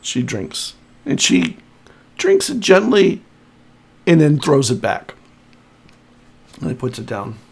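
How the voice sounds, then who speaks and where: Slow gravelly male game master. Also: on the high side, wildly swooping pitch. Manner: unhurried, descriptive, chuckles often. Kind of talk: narrating a tabletop game.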